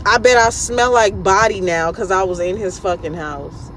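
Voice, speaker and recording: A woman's voice: mid-range voice, normal speed. Woman ranting about a bad date in her car, cussing a lot, faint road noise. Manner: blunt, profane and animated, with loud outbursts. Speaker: vlog host.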